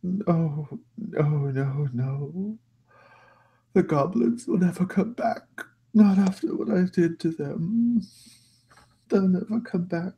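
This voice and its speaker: A man putting on a frail old aristocrat, guilt-ridden and cruel, in a tabletop role-play. The voice is pushed up high and loud, quavering into haughty, wailing outbursts with a breathy edge. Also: slow, muffled recording, exaggerated voice. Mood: guilty, sobbing.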